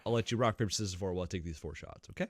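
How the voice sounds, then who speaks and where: A man co-hosting a casual gaming podcast, animated and laughing a lot. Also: low voice, rapid-fire, no echo, clean studio sound. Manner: animated, laughing, slips into mock voices. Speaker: podcast co-host.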